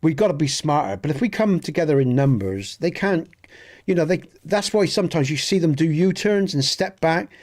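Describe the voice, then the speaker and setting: Game streamer, male, southwest Dorset accent, a touch higher than most men, earnest and rambling with live chat. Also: lively intonation, normal speed, darkish tone. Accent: Dorset, Southwest England. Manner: rambling, earnest, repeats and restarts words. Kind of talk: casual chat with live viewers.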